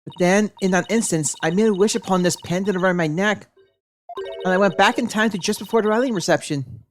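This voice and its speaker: A woman's voice: medium pitch, a little fast, soft background music. A woman streaming a game playthrough, reading all lines aloud and switching voices.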